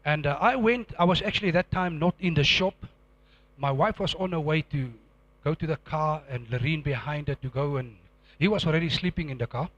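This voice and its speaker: A middle-aged man, preaching a sermon and telling a dramatic testimony, acting out scenes with sudden loud outbursts. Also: fairly high pitch, brisk, dry recording, lo-fi sound.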